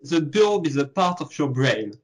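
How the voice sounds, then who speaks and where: A man with a French accent, a French native speaker, answering as an interview guest and pausing to search for English words. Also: fairly high pitch, sing-song, rough recording. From France. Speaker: guest, comic artist.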